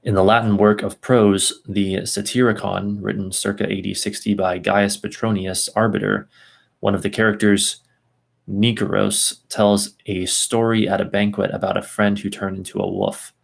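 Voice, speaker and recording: A man's voice: fairly low pitch, little pitch movement, normal speed, vocal fry. A man reading a text aloud at an easy pace, stopping for asides and second tries at hard names. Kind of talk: casual reading and commentary.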